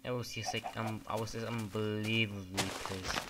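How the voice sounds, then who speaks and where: A man's voice: fairly low pitch, flat delivery, normal speed, very noisy. A man giving casual gameplay commentary, rambling, swearing often and getting easily annoyed. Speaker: gamer.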